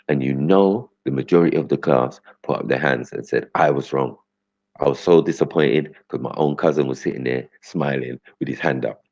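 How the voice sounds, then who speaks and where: A man's voice: a little fast, a little mellow, dry recording. A man telling stories from his past in casual chat, often checking in with his listener. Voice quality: very deep and gravelly. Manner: conversational, keeps asking "you get me?". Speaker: host. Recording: dull lo-fi sound.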